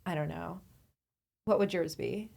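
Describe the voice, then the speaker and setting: A woman's voice: on the low side, measured pace, creaky, a little mellow. A woman hosting a podcast in a studio, enthusiastic and teasing, often repeating her phrases. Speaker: podcast host. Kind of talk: casual chat.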